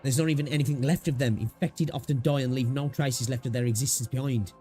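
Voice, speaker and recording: A man's voice: mid-range voice, fairly even intonation, quick pace, mellow, faint music behind, natural voice. A man voicing a grim, vengeful young infected woman investigator, speaking coldly and accusingly. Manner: cold and accusing.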